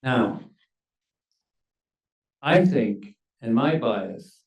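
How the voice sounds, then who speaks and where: An older man, a former ambassador, speaking on a university panel in a measured, emphatic way that leans on key words. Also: medium pitch, expressive, muffled recording. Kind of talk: panel discussion remarks. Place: university lecture hall. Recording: echoey hall, mic at a distance.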